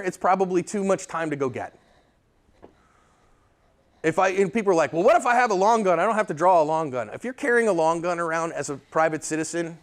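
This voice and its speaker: A man teaching a live pistol class, blunt and emphatic, often checking in with his students as he lectures. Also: sits high. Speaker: firearms instructor.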